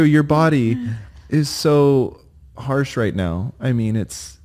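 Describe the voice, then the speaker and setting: A man's voice: mid-range voice, a little slow, a little mellow. Playful, teasing male podcast co-host. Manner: playful, teasing storyteller, laughs a lot. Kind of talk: casual chat.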